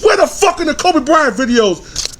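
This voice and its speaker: A man in his thirties delivering a heated, profanity-laden rant as a vlogger, swinging from low grumbling to shouted outbursts. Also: big pitch swings, normal speed, slight background noise. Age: 30s. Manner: angry, swearing, shouting bursts. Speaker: sports vlogger.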